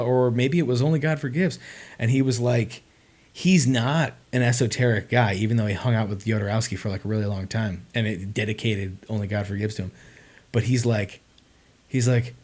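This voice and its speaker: A young man on a livestream, talking loosely and excitably. He rambles and stacks filler words as he goes, and his pitch sits in an ordinary middle range. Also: a little fast. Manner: rambling, excitable, lots of "like" and "dude". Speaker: streamer. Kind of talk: casual livestream chat.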